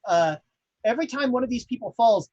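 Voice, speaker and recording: A man's voice: extremely high pitch, expressive, brisk, a little mellow, no echo, highs cut off. A man narrating a tabletop horror game as game master, rambling with many fillers.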